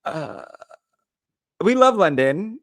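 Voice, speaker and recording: A man's voice: high voice, sing-song, takes it slowly, dry recording, studio quality. Frank, chatty man in his thirties. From United States. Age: 30s. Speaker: podcast co-host. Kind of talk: casual chat.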